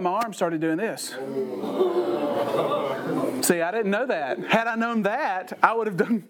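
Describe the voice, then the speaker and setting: Guy preaching w/ funny stories, high-pitched, animated, bit of background noise. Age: older. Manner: animated, folksy storytelling with laughs. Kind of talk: storytelling sermon.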